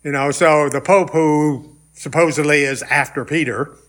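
A man's voice: on the high side, steady tone, moderate pace, fairly bright tone. A man preaching a sermon in a conversational way, rising into emphatic questions. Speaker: pastor.

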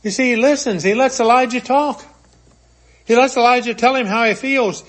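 High-voiced man preaching a sermon. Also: normal speed, a bit bright. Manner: earnest, retells scripture with acted-out quotes.

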